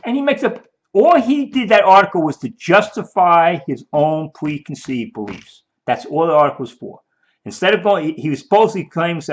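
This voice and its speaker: Animated man, emphatic rambling commentary. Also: fairly high pitch, normal speed. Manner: emphatic, repeats and restarts, mock-quotes opponents. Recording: dull lo-fi audio.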